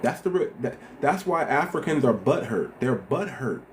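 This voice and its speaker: A man's voice: mid-range voice, big pitch swings, moderate pace, a little hiss or hum. A man hosting a livestream, talking passionately with lots of repetition and rhetorical questions. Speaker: host. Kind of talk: casual livestream commentary.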